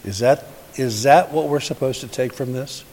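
A man's voice: mid-range voice, moderate pace, darkish tone. A man giving a sermon as a pastor, asking the congregation many rhetorical questions in a conversational way. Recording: hissy recording in a reverberant hall.

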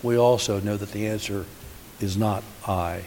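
A man's voice: lowish voice, steady tone, moderate pace, a little mellow. A man giving a sermon as a pastor, asking the congregation many rhetorical questions in a conversational way. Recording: hissy recording in a reverberant hall.

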